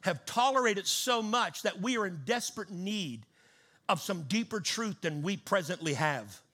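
A male preacher delivering a fervent sermon, swinging between loud bursts and hushed asides. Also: high voice, expressive, unhurried.

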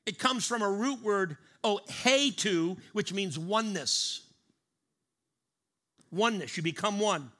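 A male pastor preaching a sermon emphatically, slowing down to stress key words and having the congregation repeat lines after him. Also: high-pitched, animated, pushed and bright.

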